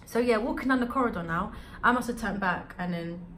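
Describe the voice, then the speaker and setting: A young adult woman telling a storytime vlog in an animated, slangy way. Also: mid-range voice, fairly quick, slight background noise. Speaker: vlogger.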